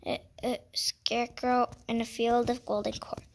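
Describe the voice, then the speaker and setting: A woman's voice: on the high side, level tone, unhurried, gravelly, slight background noise. A woman casually reading a picture book aloud, stumbling over words, correcting herself and adding chatty asides.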